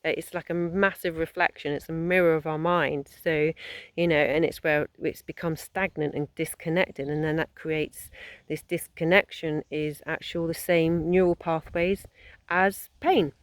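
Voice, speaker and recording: A woman's voice: deep voice, steady tone, unhurried, no echo. A woman, a holistic therapist giving a conversational wellness talk that rambles and encourages, with many fillers and restarts.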